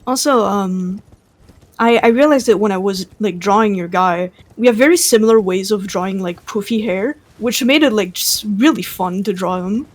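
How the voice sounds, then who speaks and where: A woman chatting casually with a friend while they play a game together, easygoing and quick to laugh. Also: mid-range voice. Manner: giggly, easygoing. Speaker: co-player. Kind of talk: casual chat over gameplay.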